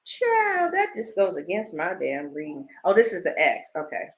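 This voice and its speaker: A woman tarot reader in a casual livestream, telling stories in an animated, blunt way and swearing freely. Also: on the low side, normal speed.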